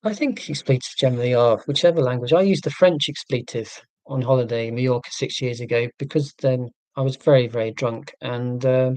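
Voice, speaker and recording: A man's voice: medium pitch, fairly quick, few pauses, a little mellow, no echo. A man from England hosting a live stream, chatting in a rambling, self-deprecating, joking way. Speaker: livestream host.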